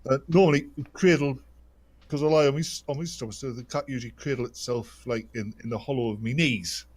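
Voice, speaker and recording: A man, telling a casual anecdote in a halting way, repeating words and pausing on uhs. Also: mid-range voice, darkish tone. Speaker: podcast co-host.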